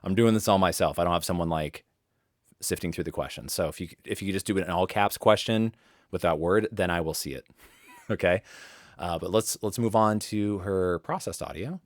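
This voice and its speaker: This deep-voiced man speaks briskly while coaching voice actors in a live home-studio webinar. His talk is casual and meandering, with many restarted sentences, recorded without any room sound.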